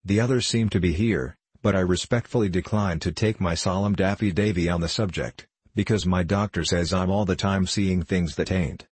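A man's voice: deep voice, normal speed, few pauses, husky, dry recording. A man voicing a queer, folksy old male hatter in a storybook reading. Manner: folksy, says ain't.

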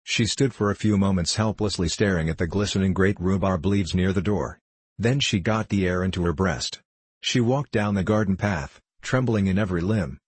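A male audiobook narrator reads a novel in a steady, measured voice. The voice is low and husky. It is recorded close and dry, with no room sound. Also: dry recording.

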